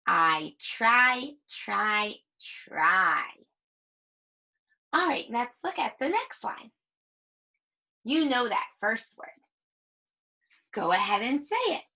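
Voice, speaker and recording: A woman's voice: a little high, very animated, fairly bright tone. Patient woman teaching early reading. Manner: slow, patient, sounding out words. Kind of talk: early reading lesson for young children.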